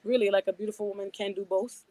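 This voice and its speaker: A woman's voice: medium pitch, steady tone, quick pace, warm tone. A woman with a New York accent, a rapper guest in a casual radio interview, chatty and laughing often. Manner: chatty, laughs often, many "you know"s. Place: radio studio.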